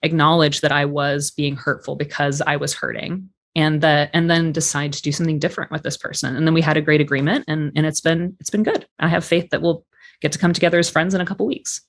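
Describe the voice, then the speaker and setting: A man's voice: fairly high pitch, flat delivery, fast, creaky, fairly bright tone. A man guest on a podcast, speaking candidly and reflectively in casual conversation, with some swearing. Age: adult parent.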